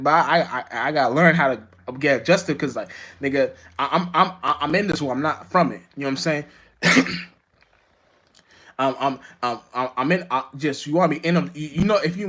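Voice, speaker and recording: Brief: quick, slightly high-voiced man, profane rambling vlog monologue, constant restarts. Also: breathy edge. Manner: profane, rambling, many restarts and "you know what I'm saying"; jumps high and loud when acting out his own outbursts. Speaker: vlogger.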